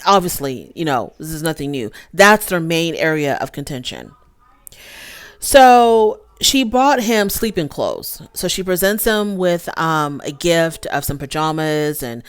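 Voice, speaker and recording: A woman giving casual, opinionated commentary as a reality TV reviewer, calling her viewers y'all. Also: on the low side.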